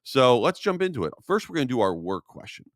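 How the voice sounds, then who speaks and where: A man from New York hosting a podcast, answering listener questions in a casual, jokey, animated way. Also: mid-range voice, fast talker, dry recording, clean studio sound. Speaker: podcast host.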